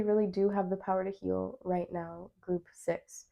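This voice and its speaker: A woman's voice: on the low side, little pitch movement, normal speed, vocal fry, lo-fi sound. A woman doing a pick-a-card tarot reading to camera. She talks directly to her viewers in a chatty, encouraging way and reads card meanings aloud. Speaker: tarot reader.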